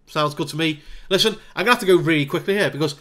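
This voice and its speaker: A man with a slightly raised voice talks through a football management game as a casual let's-play. He narrates the action play-by-play, makes dry jokes at his own expense, and gets excited when goals go in. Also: fairly high pitch, racing. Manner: wry, self-deprecating asides. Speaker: gaming video creator.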